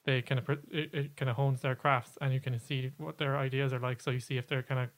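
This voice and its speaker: A man's voice: mid-range voice, little pitch movement, fast. Chatty man co-hosting a podcast. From Ireland. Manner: chatty, explanatory, with many fillers and restarts. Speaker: podcast co-host. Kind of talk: casual podcast chat.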